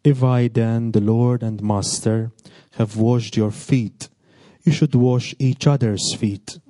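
A man voicing Jesus as a calm teacher in a plain, unhurried gospel reading. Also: medium pitch, no echo, lightly acted. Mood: teaching. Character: Jesus, calm male teacher speaking to disciples.

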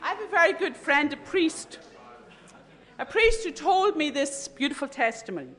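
A woman telling a faith story in an earnest storytelling talk. She often drops to a hushed voice at the moving moments. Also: high voice, lively intonation, normal speed, a little hiss or hum.

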